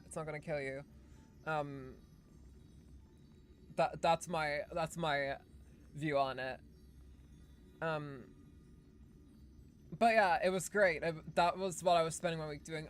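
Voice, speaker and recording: A woman streaming live, chatting casually and playfully, with a hyped game-show-host delivery and frequent restarts. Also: deep voice. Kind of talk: casual livestream chat.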